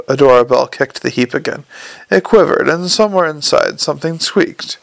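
Brief: male narrator, measured storytelling, slightly raised pitch, gravelly. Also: expressive, dry recording. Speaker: audiobook narrator. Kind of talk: audiobook narration.

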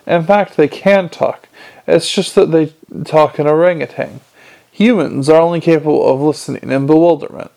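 A man's voice: fairly high pitch, gravelly, darkish tone. A man narrating an audiobook in a wry, dry manner. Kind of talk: storybook narration.

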